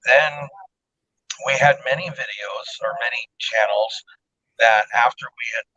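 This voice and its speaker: A man's voice: medium pitch, bright, forceful tone, slightly rough, low-quality recording. A man hosting a casual cooking livestream, explaining the rules at length and checking in with "okay?". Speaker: host of a cooking channel event.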